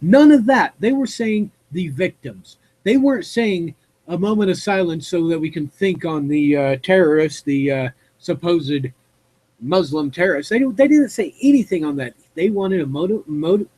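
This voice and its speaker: A man hosting a live stream reads a news article aloud and breaks off to give his opinion. His voice is husky and fairly high for a man. He rambles, fills pauses with "uh", and corrects himself mid-word. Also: expressive, darkish tone, poor audio. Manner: rambling, with fillers and self-corrections.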